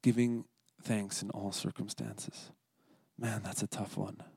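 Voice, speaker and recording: Mellow low-voiced man giving devotional talk. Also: little pitch movement, measured pace, vocal fry, slightly rough, no echo. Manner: earnest, confessional, with soft whispered prayers. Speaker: lay speaker at a church service. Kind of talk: scripted personal devotional talk.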